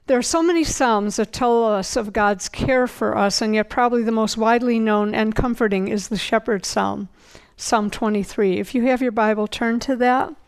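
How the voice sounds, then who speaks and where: An older woman giving an informal Bible teaching, earnest and conversational, slowing down to read scripture aloud. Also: a little high, clean tone, rough recording.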